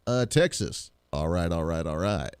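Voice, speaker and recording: A man doing an impression of a laid-back, drawling male movie star, slow and mellow. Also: animated, clean tone, dry recording, studio quality. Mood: lazy drawl. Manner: slow drawl, low and lazy.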